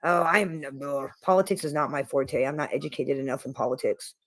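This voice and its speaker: A woman's voice: low voice, a little fast, no echo. A middle-aged woman from Iowa hosting a casual livestream chat. She talks hesitantly, often repeating words as she goes. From Iowa, USA. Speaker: livestream host.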